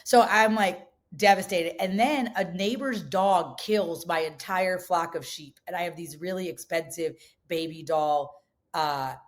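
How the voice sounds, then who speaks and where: A middle-aged woman with a lower voice tells a farm story as an interview guest. She talks in a lively, rambling way, restarting sentences and filling gaps with "like.". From upstate New York. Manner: animated, many fillers and restarts, quotes others in voices. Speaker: guest, farmer and chef.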